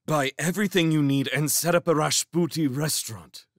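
A man voicing an urgent, commanding young male merchant in chains, in a storybook reading, speaking in brisk instructions. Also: a little high, no echo, studio quality, voice pushed up, close to an everyday voice. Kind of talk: storybook character voice.

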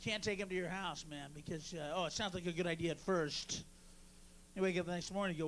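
A man doing a stand-up routine on a club stage, brash and profane, working the crowd and bursting into shouts. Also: high voice, fairly even intonation, fast, slight background noise. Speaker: stand-up comedian.

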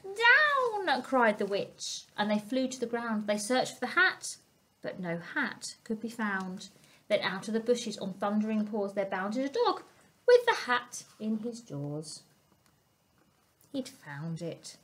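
A woman storyteller reading a picture book aloud to young children, expressive and asking them questions. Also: medium pitch, a little slow. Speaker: family centre storyteller.

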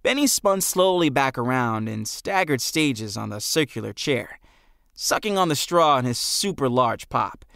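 Guy narrating an audiobook, lively, expressive, bit gravelly, dry close sound. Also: mid-range voice, a little slow, dry recording. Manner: expressive storytelling. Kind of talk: scripted narration.

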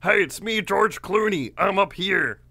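A man voicing a monstrous goat man who lures victims with a high, breezy, coaxing fake voice. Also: lively intonation, measured pace, sharp tone, dry recording, heavily acted.

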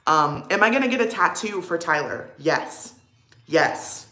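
A young woman talks through a casual get-ready-with-me livestream, rambling and reading her chat aloud. Her voice sits a little low, and the room around her is echoey. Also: big pitch swings, unhurried, sharp tone. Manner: chatty and rambling, lots of "like", answers chat. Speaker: livestream vlogger.

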